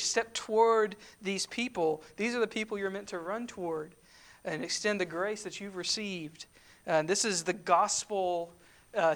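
A woman's voice: fairly low pitch, fairly bright tone. A woman giving a sermon, conversational, with rhetorical questions and emphatic asides. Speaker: preacher.

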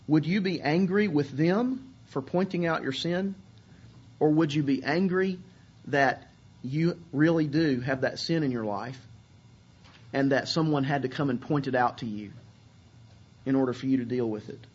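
A man's voice: a little high, breathy edge, lo-fi sound. A man preaching a sermon to his congregation, earnest and repeating words as he searches for phrasing. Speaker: pastor.

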